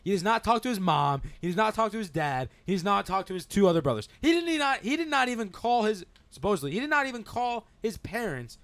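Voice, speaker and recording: A man's voice: high voice, big pitch swings, quick pace, few pauses, fairly bright tone, no echo. Emphatic young man, dry close mic. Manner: opinionated, emphatic, steering the talk. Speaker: podcast co-host. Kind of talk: casual chat.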